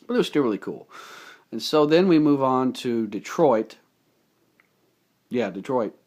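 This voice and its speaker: A man's voice: mid-range voice, moderate pace, pauses often, darkish tone. A young man giving a casual, rambling movie recap, enthusiastic and full of fillers. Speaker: movie reviewer.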